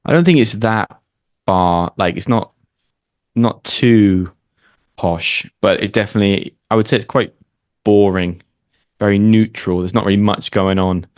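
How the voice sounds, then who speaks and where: A man's voice: on the low side, measured pace, pauses often, a little mellow, no echo. A man from Oxford with a British accent, an English teacher chatting as a guest, laid-back with dry humour. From Oxford, England. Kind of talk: casual conversation.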